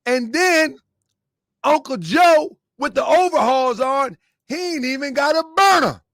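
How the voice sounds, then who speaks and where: A man's voice: very high-pitched, measured pace, fairly bright tone, dry recording, clean studio sound. A man giving a mocking commentary vlog, asking rhetorical questions and laughing often. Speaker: online commentator.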